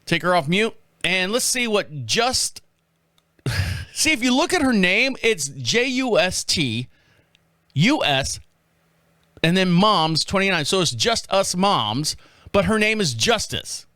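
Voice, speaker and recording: A man's voice: sits high, sing-song, measured pace, bright, forceful tone, dry recording, studio quality. A man hosting a podcast, riffing in a casual, crude, joking way and laughing at his own remarks. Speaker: podcast host. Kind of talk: casual comedic commentary.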